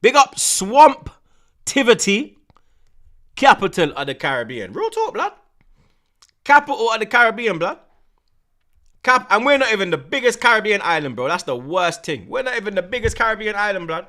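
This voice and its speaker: Ranting Jamaican-accented man, high-pitched. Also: sing-song, normal speed, long pauses. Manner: loud, teasing banter with slang and patois. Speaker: host. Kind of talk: heated livestream rant.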